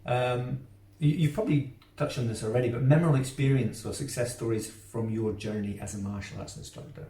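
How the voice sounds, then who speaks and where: A man hosting an interview, asking relaxed conversational questions. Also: mid-range voice, a little fast, recorded from a distance. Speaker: podcast host. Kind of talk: casual interview. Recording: roomy echo, off-mic, faint noise.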